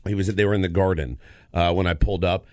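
A man co-hosting a sports radio show, telling a story in a lively, casual way with frequent restarts, in a studio. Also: deep voice, quick pace, dry recording. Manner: animated storyteller, lots of restarts.

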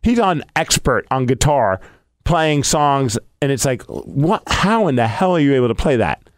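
A man co-hosting a casual podcast, telling a story with excitable, animated energy. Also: medium pitch, a little slow, dry recording, studio quality. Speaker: podcast co-host. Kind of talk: casual chat.

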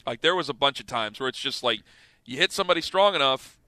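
A man in his thirties hosting sports radio, telling a story in a casual, animated way and acting out the scenes. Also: mid-range voice, fast, no echo. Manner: animated, laughing storyteller who acts out scenes.

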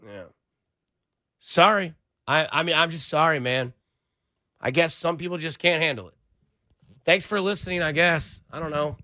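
A man's voice: on the high side, normal speed, long pauses, sharp tone, no room sound. A man hosting sports talk radio, sarcastic and ranting as he answers listener texts. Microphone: studio microphone.

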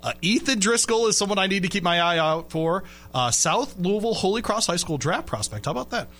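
A man's voice: high-pitched, animated, fairly quick, a bit bright. A man hosting a sports radio show, chatting loosely and laughing often while reading listener texts. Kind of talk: casual sports radio chat.

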